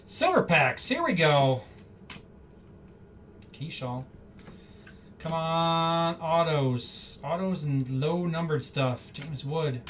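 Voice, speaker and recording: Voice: mid-range voice, lively intonation, takes it slowly, pauses often. A card-break host chatting casually and rambling off-the-cuff while opening packs on a live stream. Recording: slightly distant mic, faint background hum.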